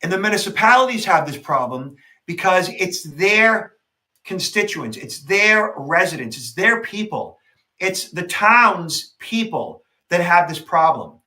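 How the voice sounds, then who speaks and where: A man co-hosting a podcast, telling a story in casual conversation, animated and emphatic. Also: high voice, a little slow. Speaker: podcast co-host, security expert.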